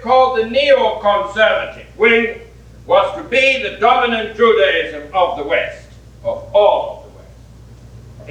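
A man's voice: high-pitched, fairly bright tone. Give me a man lecturing in a hall, heard from a distance on a muffled recording. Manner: deliberate, repeats key points for emphasis. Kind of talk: academic lecture.

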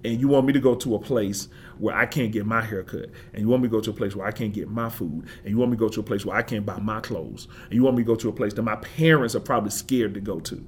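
A man's voice: lowish voice, fast talker, hardly any pauses, slight background noise. Passionate man with emphatic repetitions. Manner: emphatic, repetitive, preacher-like build-ups. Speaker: forester and interview guest. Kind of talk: passionate interview talk.

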